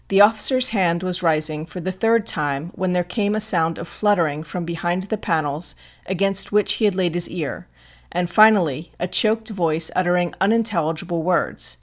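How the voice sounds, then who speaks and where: A woman narrating an audiobook of a classic detective story in a measured, deliberate way. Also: lowish voice. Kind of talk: scripted narration.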